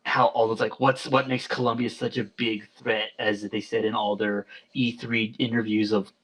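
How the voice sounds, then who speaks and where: A man's voice: on the low side, flat delivery, moderate pace, fairly bright tone. A man hosting a casual podcast chat, sarcastic and joking, with plenty of swearing. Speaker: podcast host.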